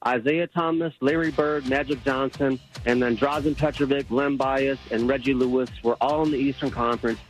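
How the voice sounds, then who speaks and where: A man's voice: mid-range voice, steady tone, moderate pace, hardly any pauses, soft background music, low-quality recording. Fired-up male sports caller. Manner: fired-up, confident delivery.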